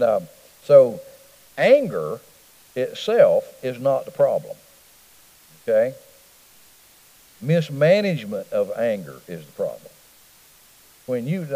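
A middle-aged pastor leads a Bible study in a church hall, speaking in a folksy, conversational way and often putting questions to the room. His voice is mid-range and mellow, echoing in the large hall on a low-quality recording.

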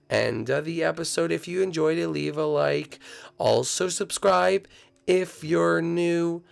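A man giving excitable, teasing commentary over a block-building game as a video host. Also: on the high side, normal speed, creaky. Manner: hyped, teasing, keeps tacking on "baby". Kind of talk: excitable let's-play commentary.

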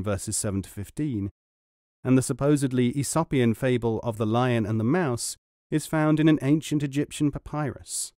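Reading from a book of world tales, a male audiobook narrator keeps his scripted storytelling steady and measured. His voice sits in the mid range, and the studio recording is clean and dry.

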